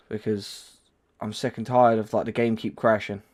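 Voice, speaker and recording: A man hosts his own livestream, chatting casually about a game and rambling with lots of fillers and restarts. His voice is on the low side, with a flat, unhurried delivery.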